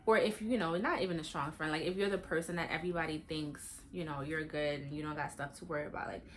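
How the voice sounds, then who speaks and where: Young woman vlogger, lowish voice, candid and slangy, faint hiss behind her. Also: quick pace. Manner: candid, animated, slangy, with bursts of high-pitched emphasis. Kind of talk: casual chat while getting ready.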